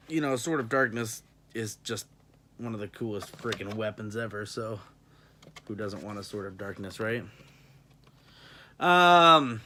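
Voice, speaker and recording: A medium-pitched man with a sharp tone vlogs in a casual, rambling way, full of fillers and happy swearing. Born in England, he speaks with an American accent that has a New York edge. A little hiss or hum sits under the recording.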